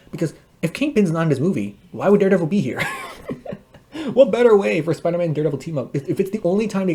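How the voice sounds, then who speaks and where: Fast-talking young man gushing and crying. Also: a little high, husky. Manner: excited, gushing, tearful, says bro. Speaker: movie reviewer. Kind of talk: emotional casual movie review.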